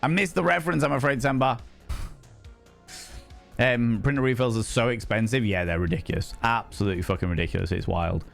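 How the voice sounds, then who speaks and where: A man's voice: medium pitch, a little fast, vocal fry, soft background music. Playful man hosting a stream. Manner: playful, theatrical, swears freely, swings from shouts to hushed asides. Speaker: livestream host. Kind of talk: casual chat with viewers.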